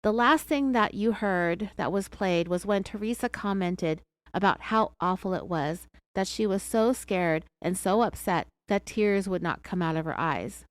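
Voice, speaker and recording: A woman's voice: mid-range voice, a little slow, few pauses, no echo. A woman with an American accent hosting a true crime podcast, telling the story in a sarcastic, chatty way. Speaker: podcast host.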